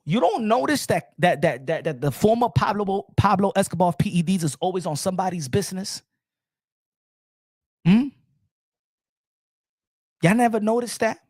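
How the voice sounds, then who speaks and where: A man's voice: high voice, expressive, normal speed, pauses often, a little mellow, dry recording. Emphatic boxing commentator man, dry sound. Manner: emphatic, repetitive, asks the chat and answers himself. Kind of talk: animated solo commentary to viewers.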